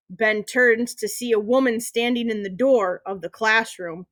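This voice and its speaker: A woman reads a children's novel aloud in a steady, expressive way. Her voice sits fairly high. The recording is dry and close, with no room echo. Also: unhurried, hardly any pauses. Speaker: reader.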